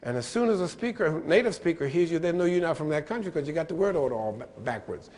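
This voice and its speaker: A man giving a lively lecture-style keynote address, playful and animated, spelling out letters and mimicking pronunciations. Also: a little high, quick pace, big-room sound. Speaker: keynote speaker.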